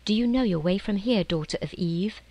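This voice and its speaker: A woman voicing a gentle, anxious male faun who is kind and remorseful, speaking softly and urgently in an audiobook reading. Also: medium pitch, a little fast, close to an everyday voice. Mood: tender.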